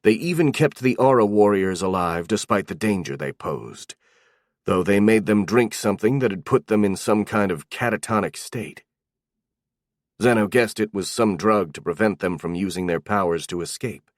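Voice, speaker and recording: A male narrator reads a fantasy audiobook in a steady, even way. His voice sits fairly low, and the recording is dry and close with no room sound. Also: no echo.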